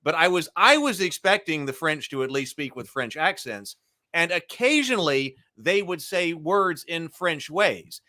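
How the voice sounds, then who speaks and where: Male podcast host, bright and forceful tone, rambling delivery with lots of restarts. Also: a little high, lively intonation, a little slow. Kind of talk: casual discussion.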